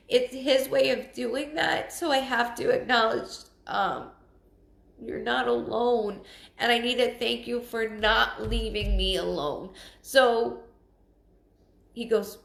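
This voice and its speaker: A woman giving a live psychic reading, earnest and emotional, halting and often restarting her sentences. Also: fairly high pitch, vocal fry, fairly bright tone, echoey room. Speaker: psychic medium. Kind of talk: live-streamed spirit reading.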